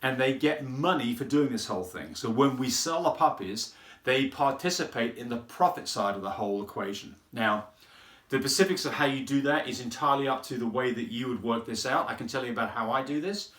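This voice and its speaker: A man's voice: mid-range voice, lively intonation, fairly quick, fairly bright tone. A man who breeds French Bulldogs, explaining things in a casual, rambling way and often repeating words as he thinks. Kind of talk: casual explanatory talk to camera. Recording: roomy echo.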